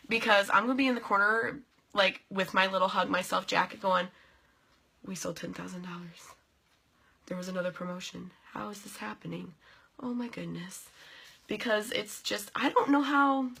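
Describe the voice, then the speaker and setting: Young woman, bright voice, goofy and chatty, a live vlogger who calls out viewers by name. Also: mid-range voice, breathy edge. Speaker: vlogger and direct sales team leader. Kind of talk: casual live video chat.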